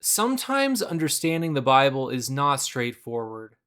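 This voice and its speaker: A young adult man giving a measured, scripted explainer narration about a Bible passage, now and then acting out quoted lines. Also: medium pitch, sing-song, a bit bright, clean tone. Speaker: Bible video presenter.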